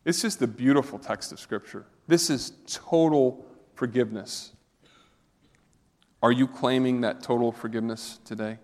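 A man's voice: medium pitch, normal speed, a little mellow. A man preaching a sermon as a pastor, earnest and conversational, asking his listeners direct questions. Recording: long reverb of a hall.

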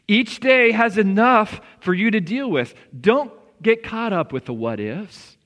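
Pastor, male, bright high voice, earnest conversational preaching, big church reverb. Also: big pitch swings, measured pace. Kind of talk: sermon. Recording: long reverb of a church hall.

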